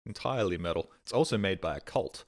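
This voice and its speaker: A man's voice: low-pitched, animated, fast. A young adult Australian man streaming on a headset mic, chatting casually in a rambling way and swearing freely. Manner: rambling, swears casually, mimics voices in quotes.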